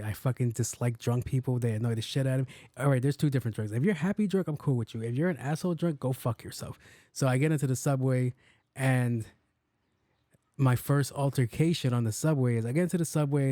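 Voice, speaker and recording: A man's voice: medium pitch, dark tone, dry recording, studio quality. A young man, hosting a podcast and telling profane, joking stories in a casual style. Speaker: podcast host. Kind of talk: casual storytelling.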